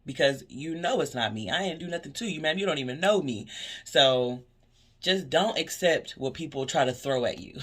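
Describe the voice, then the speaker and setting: A woman who works as a cashier, talking in a casual vlog, telling animated stories about customers and preaching positivity. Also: a bass voice. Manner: animated storytelling, acting out customer exchanges.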